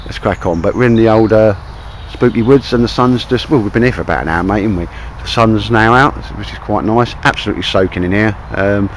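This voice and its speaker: A man's voice: fairly low pitch, a little fast, few pauses, a little hiss or hum, rough recording. A man with a Cockney accent chatting casually to camera outdoors in a wet wood, rambling and calling his mate "mate". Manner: rambling, chummy, keeps saying "mate". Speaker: outdoor vlogger.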